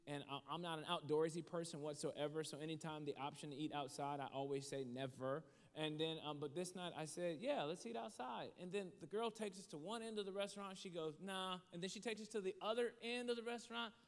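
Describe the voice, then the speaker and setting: A man telling a story as a motivational speaker, shifting from animated to hushed. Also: on the high side, quick pace, hardly any pauses. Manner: animated storytelling that drops to a hushed voice for serious moments. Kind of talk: storytelling sermon. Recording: long hall reverb.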